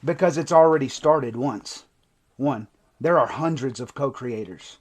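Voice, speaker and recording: A man who coaches people in recovery, giving an impassioned, emotional livestream monologue that swings from intense to hushed. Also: mid-range voice, measured pace. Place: TikTok live stream.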